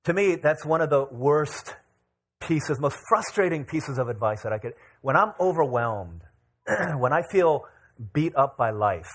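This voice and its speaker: Man preaching with anecdotal humor. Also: fairly high pitch. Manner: storytelling, self-deprecating humor, many filler words. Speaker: pastor. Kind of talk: sermon.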